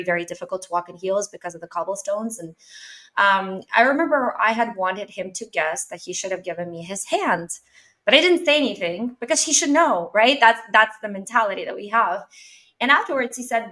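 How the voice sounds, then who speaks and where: A young woman from Canada hosts a podcast and recounts her travel stories in a loose, animated way. Her voice sits in a middle range and is full of little fillers. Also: medium pitch. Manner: animated storytelling with frequent fillers and laughs. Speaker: podcast host. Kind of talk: casual interview chat.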